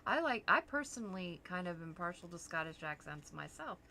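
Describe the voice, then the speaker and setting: Middle-aged mom craft host, chatty, bright gravelly voice, bit of hiss behind. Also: female voice, fairly low pitch, big pitch swings, brisk. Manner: chatty, laughs easily. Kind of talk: casual chat while crafting.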